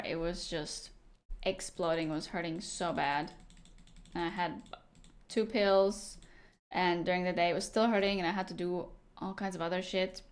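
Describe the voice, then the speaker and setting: A young woman live-streaming a game, chatting casually and teasing her viewers as she answers them. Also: medium pitch. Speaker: livestreamer.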